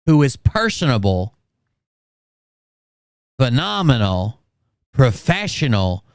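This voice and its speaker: Crude, sarcastic male commentator, smooth voice. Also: mid-range voice, no echo, studio quality. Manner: crude, sarcastic, profane ridicule. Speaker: reaction commentator. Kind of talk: mocking commentary on a played clip.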